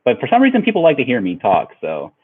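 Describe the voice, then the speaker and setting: A man's voice: medium pitch, huge pitch swings, fast, husky. A young man telling a long story to his viewers in a rambling, laid-back way, full of fillers. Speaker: vlogger. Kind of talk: casual storytelling. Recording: tinny phone-like sound.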